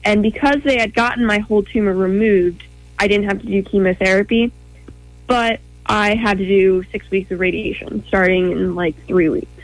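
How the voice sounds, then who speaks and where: A young woman earnestly telling a personal story as an interview guest, in quick short phrases with frequent ums. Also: medium pitch, fairly even intonation, no echo, rough recording.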